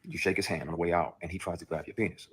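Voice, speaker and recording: A man's voice: sits low, fairly even intonation, very fast, breathy edge. A man, an actor, bluntly and emotionally recounting a personal ordeal, with profanity. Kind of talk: played clip of a personal account.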